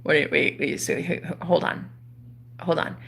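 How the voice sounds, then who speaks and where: A woman in her thirties, a spiritual coach, telling a personal story to her viewers in an animated, casual way, swearing freely. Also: low voice, a little slow, gravelly. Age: 30s.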